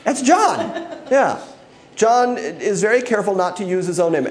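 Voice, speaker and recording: A man's voice: high voice, expressive, unhurried. A male pastor preaching an expository sermon, acting out quoted voices and laughing often.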